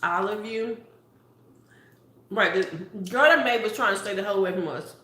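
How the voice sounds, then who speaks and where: A woman's voice: mid-range voice, moderate pace, fairly bright tone. A woman beauty vlogger in a casual live-stream chat, playful and talking straight to her viewers. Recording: roomy echo.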